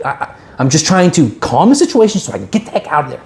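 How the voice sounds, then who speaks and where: With a slightly high, creaky voice and a quick pace that barely pauses, a man co-hosts a casual podcast in an indoor room. He's an animated storyteller who acts out people's quotes.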